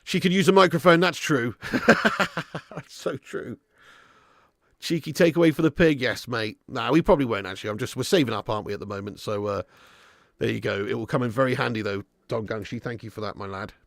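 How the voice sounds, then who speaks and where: A man hosting a live football watch-along, excitable, yelling at the referee one moment and muttering the next, and chatting with his viewers. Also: brisk, creaky, no room sound, clean studio sound. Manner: excitable, yells at the referee, then drops to low muttering; swears and chats with live viewers. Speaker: fan channel host.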